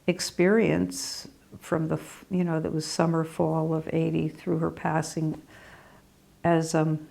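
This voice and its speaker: Brief: older woman storyteller, low gravelly voice, rambling anecdotes. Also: a little mellow. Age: 60s or older. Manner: rambling and anecdotal with small laughs. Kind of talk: reminiscing oral history.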